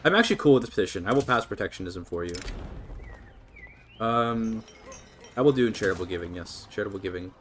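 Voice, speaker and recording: A man's voice: fairly low pitch, expressive, fast, pauses often, a little hiss or hum. Laid-back Canadian man streaming a game. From Canada (British Columbia). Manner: chatty, laid-back, reads and answers chat. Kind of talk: casual strategy-game livestream commentary.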